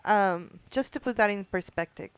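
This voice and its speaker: A woman guest in a casual podcast interview, talking earnestly with frequent pauses and fillers. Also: medium pitch, smooth, no echo. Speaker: guest, founder of a military spouse group.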